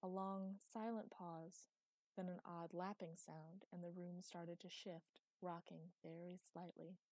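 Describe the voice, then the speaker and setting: Mellow woman narrating a fantasy story. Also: fairly low pitch, flat delivery, unhurried, no echo. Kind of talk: audiobook narration.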